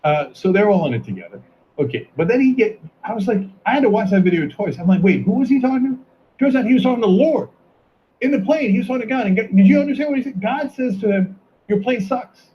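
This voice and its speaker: A man hosting a video commentary, talking in a sarcastic, mocking way and sometimes breaking into shouts. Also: high voice, sing-song, fast talker. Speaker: commentary host. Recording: dull lo-fi sound with faint noise.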